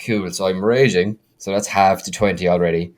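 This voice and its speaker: A man's voice: deep voice, steady tone, moderate pace, darkish tone, close to an everyday voice. A man doing Grog, a big unbothered raging barbarian. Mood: nonchalant. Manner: casual, nonchalant, reciting dice math.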